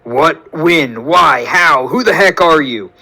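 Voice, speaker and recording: A man's voice: high-pitched, very animated, normal speed, fairly bright tone, voice pushed up, poor audio. A man voicing a flustered, sarcastic young woman who fires off exasperated questions.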